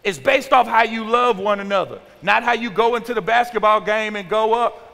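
A man in his forties, a youth pastor giving an animated sermon and acting out teenagers' talk. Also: high voice, normal speed, vocal fry, few pauses. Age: 40s. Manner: animated, acts out teen slang with exaggerated voices. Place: church sanctuary. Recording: large hall with long reverb.

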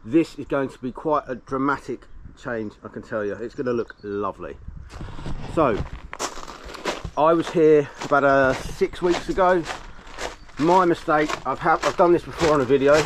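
A man's voice: medium pitch, normal speed, noisy background. A man who runs a roof cleaning business, chatting casually to the camera outdoors at a house with a garden. He rambles and often restarts his sentences. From England. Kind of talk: casual vlog narration.

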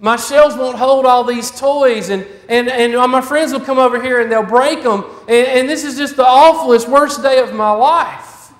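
Man playing a whiny little boy, gloomy, stammering, high voice, echoey hall. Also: moderate pace. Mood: whining.

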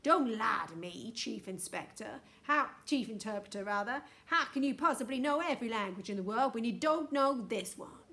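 A woman voicing a blustering, childish male president who talks in a petulant, loud way. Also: fairly high pitch, animated, moderate pace, few pauses.

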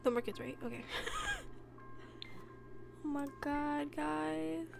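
A woman giving casual gameplay commentary, excitable, with gasping exclamations and whispered asides. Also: high voice, normal speed, creaky, over music. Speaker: let's play gamer.

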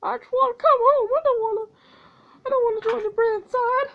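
A woman voicing a panicked soldier deserting his army, whining and sobbing in a high pitch. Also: steady tone, brisk, lo-fi sound.

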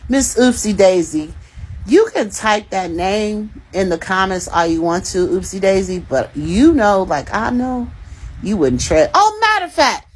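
A woman's voice: medium pitch, expressive, a little slow, a little mellow, slightly rough. A young adult woman hosting a casual livestream, calling out commenters in a profane, teasing way and laughing between remarks. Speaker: livestream host reading comments.

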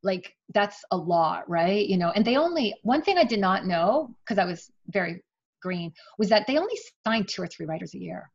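A woman's voice: mid-range voice, normal speed, creaky. Middle-aged woman, chatty author telling her story in an interview, muffled lo-fi sound. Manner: chatty, animated, emotional at times. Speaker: author guest.

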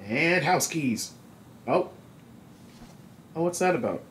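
With a fairly high, animated, slightly bright voice, this male gaming host talks slowly through his let's play commentary. He's chatty, reading the game's text aloud and noting small details, in a low-quality recording with slight background noise.

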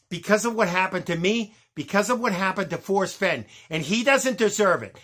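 A man's voice: high-pitched, animated, fairly quick, few pauses, a bit bright, husky. A man ranting angrily into the camera, swearing hard and tripping over his words. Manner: angry, profane, repeats words and restarts. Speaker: vlogger. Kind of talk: angry ranting vlog.

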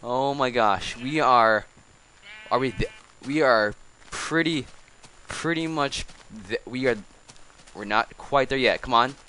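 A man's voice: medium pitch, slow pace, pushed and bright, a little hiss or hum, low-quality recording. A man giving casual gameplay commentary, coaxing animals along with exasperated, chatty asides. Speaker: let's play host.

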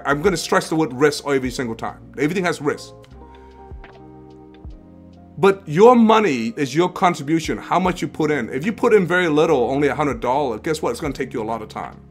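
A man's voice: on the high side, expressive, fast, faint music behind. A man hosting an investing livestream in a casual, rambling way, with restarts and rhetorical questions. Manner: rambling, repeats phrases, asks rhetorical questions.

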